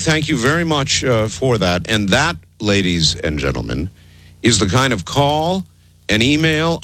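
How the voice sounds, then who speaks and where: Animated late-night radio host man. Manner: animated, emphatic, swoops low for mock voices. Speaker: radio talk show host.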